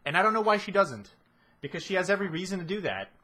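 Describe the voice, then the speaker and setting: A man's voice: high voice, big pitch swings, quick pace, bright, forceful tone. A man giving a ranting analysis of a show, exasperated and swearing heavily. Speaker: video commentator.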